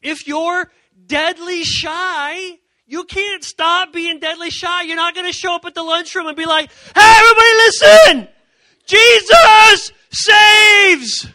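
A man giving an energetic youth sermon, animated, repeating his key points and acting out quoted voices. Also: very high voice, measured pace, dry recording. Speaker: youth speaker.

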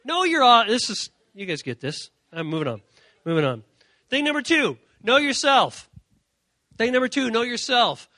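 A man giving an energetic youth sermon, animated, repeating his key points and acting out quoted voices. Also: very high-pitched, normal speed, no room sound. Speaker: youth speaker.

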